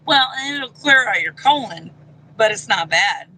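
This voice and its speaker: A woman's voice: medium pitch, lively intonation, unhurried, sharp tone, husky, low-quality recording. A woman co-hosting a casual chat show, hesitant and repeating her words. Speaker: co-host.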